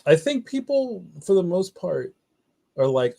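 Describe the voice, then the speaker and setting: A man's voice: mid-range voice, measured pace, gravelly, warm tone. Laid-back slangy man hosting a livestream. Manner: laid-back, slangy, reads viewer comments aloud. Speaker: livestream host. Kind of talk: casual livestream chat.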